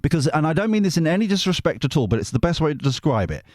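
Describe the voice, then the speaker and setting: A man's voice: a little high, sing-song, racing, darkish tone, no room sound, studio quality. A British man hosting his tarot channel, chatting casually to viewers in a jokey, rambling way that keeps breaking off and restarting. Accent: British English. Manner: chatty, jokey, self-interrupting and digressive. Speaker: tarot reader and channel host.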